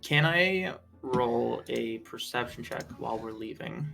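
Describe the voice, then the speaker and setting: A man's voice: medium pitch, animated, unhurried, creaky, loud music behind the voice. A man playing a tabletop game, speaking in a meandering way that trails off mid-thought. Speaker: player. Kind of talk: casual tabletop game chat.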